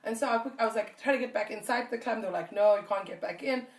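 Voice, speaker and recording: A woman from Namibia co-hosting a podcast, telling a story in an animated way and laughing often. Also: a little high, racing, echoey room, recorded from a distance. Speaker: podcast co-host. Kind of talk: casual chat.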